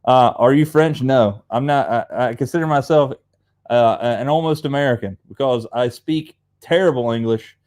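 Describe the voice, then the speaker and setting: Young male host, Appalachian accent, rambling casual livestream chatter, mid-pitched voice. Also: moderate pace, darkish tone. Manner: rambling and chatty, reads viewer comments aloud. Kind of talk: casual live chat.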